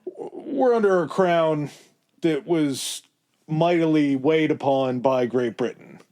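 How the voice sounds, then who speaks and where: A man on a history podcast co-hosts and presents the history, taking it slowly in a somewhat high, slightly mellow voice. The chat is casual and loose, with fillers and asides.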